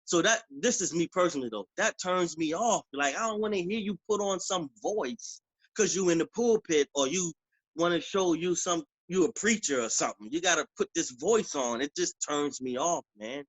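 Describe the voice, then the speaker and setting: A man's voice: on the high side, moderate pace, dry recording, poor audio. Slangy, laid-back man talking. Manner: relaxed slangy talk, frequent "you know what I'm saying". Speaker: author and preacher. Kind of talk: casual conversational interview.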